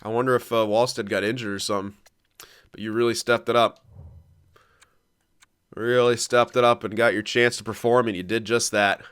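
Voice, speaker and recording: A young man with a smooth, clear, mid-pitched voice talks through his hockey video game as he plays. He thinks aloud, gets excitable and swears freely. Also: normal speed, pauses often. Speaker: gaming commentator. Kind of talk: casual gameplay commentary.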